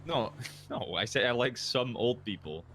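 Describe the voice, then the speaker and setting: A man's voice: mid-range voice, expressive, unhurried, fairly bright tone, a little hiss or hum. A man griping and swearing in casual chat as a tow truck driver in a roleplay. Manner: swearing, complaining.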